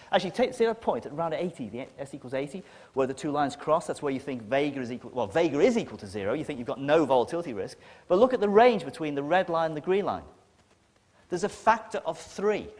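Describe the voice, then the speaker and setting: A man with a northern English accent giving a talk to an audience, blunt and emphatic, with a sardonic edge. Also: mid-range voice. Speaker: conference speaker. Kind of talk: lecture to an audience. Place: lecture hall with an audience. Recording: long reverb of a lecture hall.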